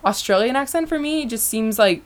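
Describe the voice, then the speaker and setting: A woman's voice: a little high, lively intonation, brisk. A young woman hosting a podcast in casual chat, rambling and enthusiastic with many fillers. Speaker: podcast host.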